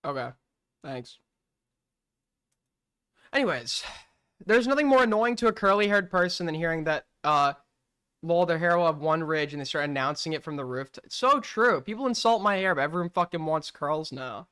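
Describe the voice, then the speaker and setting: A man's voice: on the high side, animated, moderate pace, pushed and bright, clean tone. A man hosting a livestream call-in show, talking bluntly and profanely and firing off rhetorical questions. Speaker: streamer host taking call-ins. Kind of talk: casual livestream commentary.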